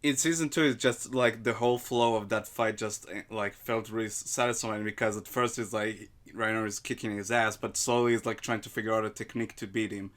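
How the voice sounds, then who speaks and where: A man co-hosting a podcast in casual chat, eager and chiming in quickly. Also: on the low side, fairly even intonation, fairly bright tone. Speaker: podcast co-host.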